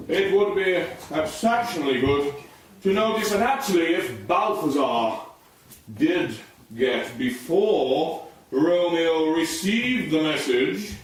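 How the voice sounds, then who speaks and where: A man's voice: sits high, voice pushed down. A man doing a pompous English teacher. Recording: echoey room, distant mic.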